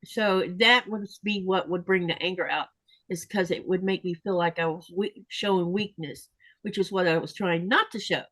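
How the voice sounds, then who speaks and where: A woman's voice: on the low side, moderate pace, fairly bright tone, no echo, low-quality recording. A woman hosting a casual livestream chat, reading viewer comments aloud and sharing her own feelings.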